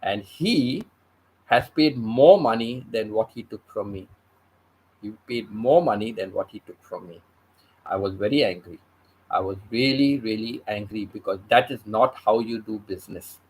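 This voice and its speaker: A man's voice: fairly low pitch, moderate pace, breathy edge, rough recording. A man telling a story on his vlog, stressing points by repeating phrases. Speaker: vlogger.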